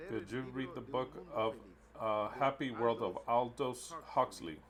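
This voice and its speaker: A man's voice: mid-range voice, measured pace, crowd noise. A man interpreting a sermon into English live, emphatic and repetitive, with blunt wording.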